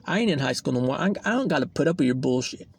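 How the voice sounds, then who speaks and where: A man's voice: a little high, expressive, fast talker, vocal fry, husky. A young man hosting a podcast, telling a personal story in a rambling, profane way, full of fillers. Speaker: podcast host. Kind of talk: casual storytelling monologue.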